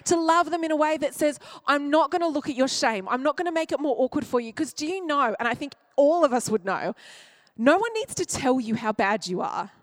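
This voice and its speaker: Woman pastor, high voice, emotive sermon delivery, dry close sound. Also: lively intonation, fairly quick, no room sound. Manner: emotive, acts out quoted voices, drops to near-whisper at tender points.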